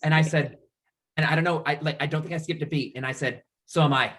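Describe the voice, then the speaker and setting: A man's voice: on the high side, quick pace. A man in his thirties from the Niagara region, a guest telling his coming-out story in an interview, acting out what others said and often laughing. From Niagara region, Canada. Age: 30s. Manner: animated storyteller, acts out quoted voices, laughs often.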